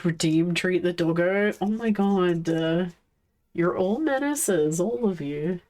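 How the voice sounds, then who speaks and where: Woman live streamer, unhurried casual chat, playful scolding of her pets. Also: fairly low pitch, a little mellow.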